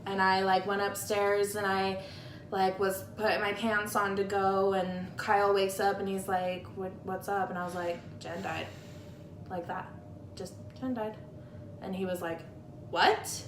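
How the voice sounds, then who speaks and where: Speaking at a normal speed in a medium-pitched, completely flat voice, a woman who is a guest friend chats candidly about grief, wandering from point to point and using "like" a lot. The tablet-camera recording is noisy and echoey.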